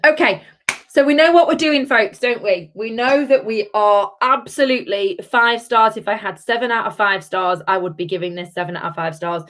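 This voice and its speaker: A woman's voice: medium pitch, a bit bright. A woman hosting a chatty live-stream gin review from home, effusive and talking straight to her viewers by name. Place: at home, with her children wandering in.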